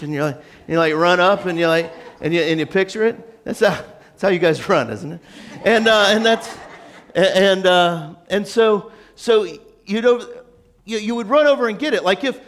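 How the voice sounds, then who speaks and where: A male pastor preaching a sermon, retelling the story in an animated, joking, conversational way. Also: sits high.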